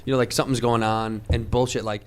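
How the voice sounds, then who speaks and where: A man from Chicago, a comedian guest, telling stories in an animated way, swearing a lot and shouting out the quotes. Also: medium pitch, fast, clear, resonant tone. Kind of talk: animated storytelling on a talk show.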